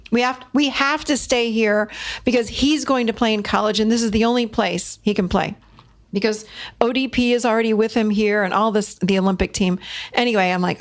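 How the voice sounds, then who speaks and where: Animated, emphatic woman podcast host. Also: mid-range voice. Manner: animated, emphatic, repeats phrases, laughs while talking. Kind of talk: solo podcast talk, coaching advice.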